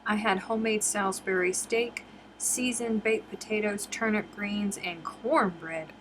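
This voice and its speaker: A woman's voice: medium pitch, normal speed, a bit bright, slight background noise. A woman hosting a casual crochet live stream from home, chatting and reading viewer comments aloud.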